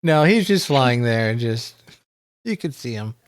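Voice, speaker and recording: A man's voice: mid-range voice, big pitch swings, a little slow, no room sound, studio quality. A man playing a tabletop game, joking and narrating his character's actions. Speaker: player.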